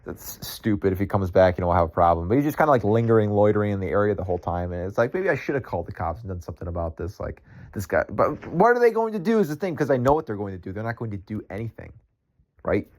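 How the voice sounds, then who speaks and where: A man's voice: lowish voice, very animated, fast talker, darkish tone. A young man, a podcast host, tells a rambling story in casual speech, full of filler words and swearing. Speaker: podcast host and ice cream vendor.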